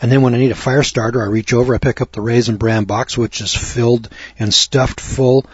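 An older man telling a long folksy story in a rambling talk, with many fillers and throat clearing. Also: mid-range voice, fairly even intonation, a little fast, no echo, dull audio. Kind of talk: rambling spoken monologue.

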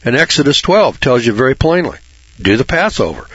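A man's voice: medium pitch, big pitch swings, fairly quick, a bit bright, slightly rough, no echo. A man giving informal Bible commentary in a blunt, folksy way, swearing freely and mocking churchgoers with sarcastic asides. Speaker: Bible teacher. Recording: dull lo-fi recording.

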